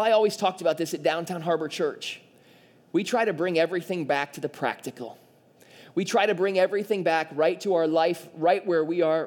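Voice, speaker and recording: A male pastor delivering a sermon with a fairly high voice. He talks in an animated way and slips into playful voices for the figures in his story. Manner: animated, acts out quoted voices.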